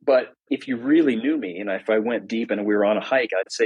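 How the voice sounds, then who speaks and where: A man's voice: fairly low pitch, a little fast, few pauses, darkish tone, slightly rough, low-quality recording. A middle-aged man, a podcast guest, telling his story candidly and explaining ideas in a conversational way.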